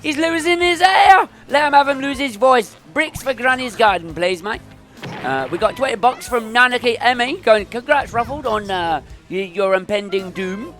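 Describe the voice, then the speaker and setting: A man's voice: very high voice, expressive, normal speed, fairly bright tone, faint music behind. A man doing an over-the-top mock Scouse accent as a cheeky lad reading out donations, slipping between several accents. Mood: jokey. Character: cheeky Liverpool lad, man, young adult, brash. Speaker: donation reader. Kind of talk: live marathon banter.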